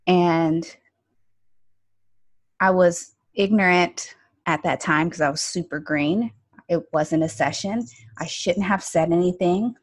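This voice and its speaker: A woman's voice: fairly low pitch, no room sound. A woman who works as an esthetician and energy healer, telling stories in a casual, chatty way with lots of fillers. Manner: chatty, with many fillers like "like" and "you know". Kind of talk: casual storytelling chat.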